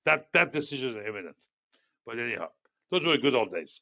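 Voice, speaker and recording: An Iranian man in his sixties hosts a market commentary, talking casually and wandering through digressive stories full of fillers. His mid-range voice is creaky and very animated, he talks fast, and the audio is dull.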